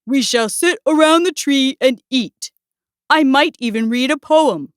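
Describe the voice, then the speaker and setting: A woman voicing a stern, pompous male bear in a read-aloud storybook, speaking slowly and grandly. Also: high voice, smooth, dry recording, clean studio sound. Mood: grand scolding. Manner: slow, grand, declaiming.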